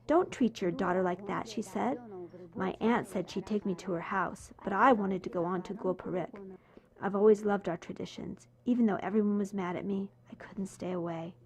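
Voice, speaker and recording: Female voice-over translator, first-person storyteller, animated, middle pitch. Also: normal speed. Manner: animated storytelling, voicing quoted people.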